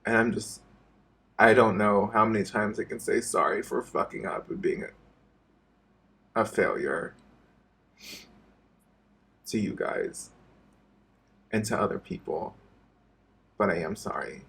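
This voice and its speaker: A man vlogging an emotional personal confession to his viewers, halting and repeating himself and swearing often. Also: fairly low pitch, creaky, fairly bright tone, slightly rough.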